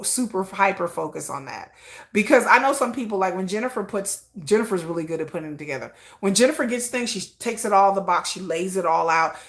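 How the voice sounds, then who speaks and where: Woman, middle-aged, livestream host, casual chat, animated, self-mocking, laughs a lot, addresses viewers. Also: medium pitch.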